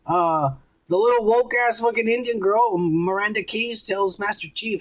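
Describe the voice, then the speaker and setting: In a high-pitched voice at a moderate pace, a man hosting a podcast retells a TV episode. It's a casual, profane, meandering recap full of quotes he acts out.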